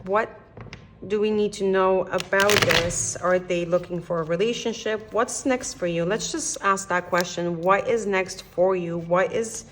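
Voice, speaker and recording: A young Canadian woman giving a casual tarot reading. She talks straight to the viewer in a gentle, encouraging way, thinking aloud and often restarting her sentences. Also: mid-range voice, fairly even intonation, unhurried, background noise. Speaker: tarot reader.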